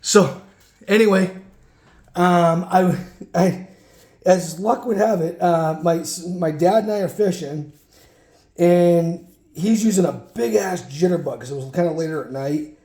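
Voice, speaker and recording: A man's voice: high-pitched, unhurried, long pauses, dark tone, roomy sound. A man casually telling a rambling childhood story while sorting through a card collection, breaking off for muttered asides.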